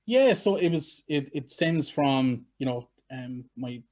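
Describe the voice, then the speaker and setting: A middle-aged Irish man talks in a loose, chatty way, guest on a conversational podcast. His voice sits at an ordinary pitch for a man, and he tells his story frankly, poking fun at himself. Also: animated, slow pace, darkish tone. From Ireland. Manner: frank, self-deprecating, chatty. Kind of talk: casual interview chat.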